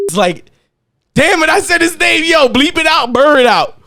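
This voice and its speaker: A man tells a wild story on a podcast, swearing freely and laughing at his own punchlines. His voice sits fairly high and swings up and down a lot. The studio sound is dry and close. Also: sing-song, moderate pace, gravelly, bright, forceful tone, no echo. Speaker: podcast host telling a story. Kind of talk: casual storytelling chat.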